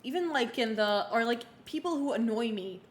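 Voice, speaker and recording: A woman's voice: fairly high pitch, expressive, moderate pace. A young woman in her twenties, a streamer chatting casually and recapping a game, rambling with many fillers and restarts. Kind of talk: casual livestream chat while playing. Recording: roomy room echo, faint background hum.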